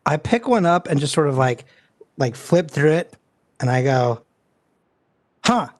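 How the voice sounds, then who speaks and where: A man's voice: on the high side, animated, moderate pace, no echo, studio quality. A man playing a tabletop game casually, rambling and interrupting himself. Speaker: player.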